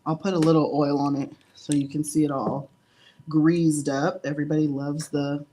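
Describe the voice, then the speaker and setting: A woman's voice: sits low, flat delivery, normal speed, mellow. A woman giving a casual live-stream nail tutorial, chatty and giggly and a little out of breath. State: slightly out of breath. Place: indoor studio under hot lights.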